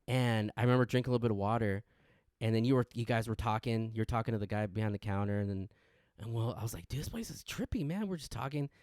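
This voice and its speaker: A man's voice: quick pace, smooth, dry recording, clean studio sound. A young man co-hosting a podcast, telling a story in casual chat with lots of restarts and quoted voices. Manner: animated, acts out quotes with big pitch jumps; frequent restarts and stammers. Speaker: podcast co-host.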